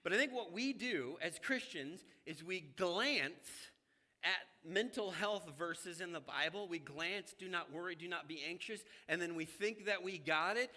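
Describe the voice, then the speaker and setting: Man, preacher, bright voice, conversational sermon, talks straight to the congregation, reverberant church hall. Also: high-pitched, measured pace. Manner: conversational, animated, addresses congregation directly. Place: church sanctuary.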